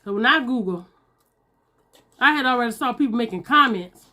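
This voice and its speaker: A woman's voice: on the high side, animated, normal speed, sharp tone. A woman, chatting casually to her viewers while eating. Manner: chatty, talks to viewers as y'all, Southern US slang. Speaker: mukbang vlogger.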